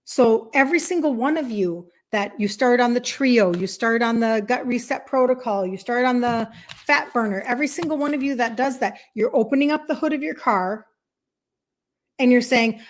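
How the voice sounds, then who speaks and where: A woman's voice: on the high side, moderate pace. A woman in her fifties, a health coach talking casually and emphatically to viewers on a live stream, encouraging and faith-tinged, acting out inner voices. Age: 50s.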